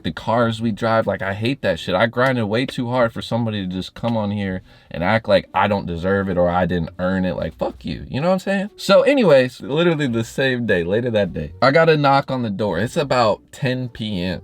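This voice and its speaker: With no echo on the recording, a young male YouTuber swears his way through a lively storytime vlog, his voice leaping up and down in pitch as he tells the tale.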